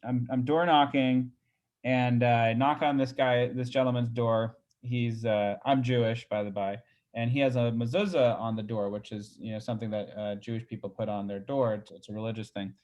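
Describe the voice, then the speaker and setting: A man speaks in a loose, chatty way, rambling through a story with many fillers. His voice sits at an ordinary middle pitch. He is heard over a video call. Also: steady tone, normal speed, a little mellow, lo-fi sound. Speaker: real estate agent leading a group call. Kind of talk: casual coaching talk on a video call.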